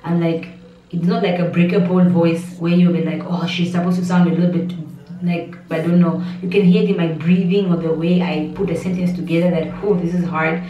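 A woman vlogger telling a personal family story in a rambling way with many restarts, her voice steady and not breaking. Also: on the low side, brisk, slight background noise. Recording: muffled, roomy, slightly distant.

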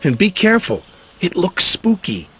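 A man's voice: sits high, huge pitch swings, normal speed, noisy background, pitched above the performer's own voice. A man doing a fretful little tank engine. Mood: nervous. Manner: nervous, fretful. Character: small, eager young male tank engine.

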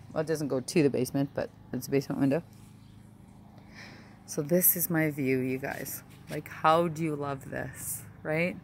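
In a casual home vlog, a woman with a low voice tells a rambling, emotional personal story, frequently tossing in "right?" and "like." There's slight background noise.

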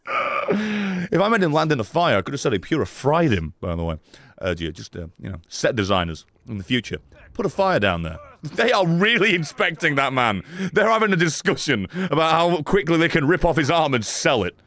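Guy streaming a game, gravelly voice, pitch jumping all over, yells and swears a lot. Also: moderate pace, no echo. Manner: excitable, swears and laughs often, yells at the game. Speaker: gaming streamer. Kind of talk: live gameplay commentary.

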